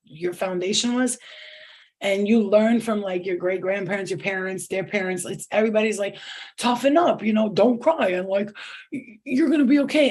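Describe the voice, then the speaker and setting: A middle-aged tarot reader with a mid-range, slightly mellow voice leads a live spiritual reading. She keeps it casual, swears, restarts her sentences and laughs often.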